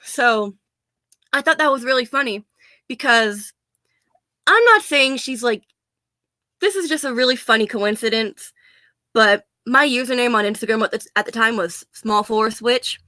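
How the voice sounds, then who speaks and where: A woman's voice: a little high, animated, normal speed, long pauses, sharp tone, no room sound. An American woman ranting in a casual vlog, blunt, profane and sarcastic, often laughing. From United States. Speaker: vlogger.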